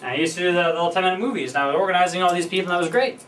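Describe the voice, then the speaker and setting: A young vlogger talks to camera in a casual, rambling personal monologue, thinking aloud with lots of fillers and restarts. His voice is high-pitched, a bit bright, and very fast. He sounds a little distant from the mic, with faint background noise and soft music underneath.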